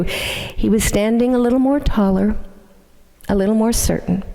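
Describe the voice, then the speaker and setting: A woman minister delivering a sermon, telling a story in a measured, gentle way. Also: fairly high pitch. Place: church sanctuary. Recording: long hall reverb in a church.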